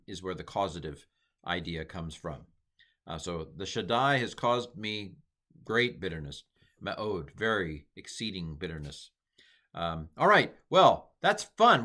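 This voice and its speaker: A middle-aged man talks through a Hebrew verse in a relaxed teaching style, full of playful asides and quick jokes. His voice sits fairly low. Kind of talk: casual Bible Hebrew lesson.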